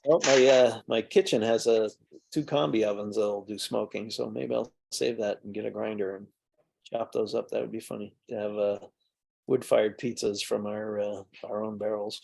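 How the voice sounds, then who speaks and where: Gravelly-voiced middle-aged man telling stories. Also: fairly low pitch, steady tone, normal speed, darkish tone. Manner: rambling anecdotes with fillers and restarts. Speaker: guest mead maker. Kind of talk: casual storytelling during a tasting.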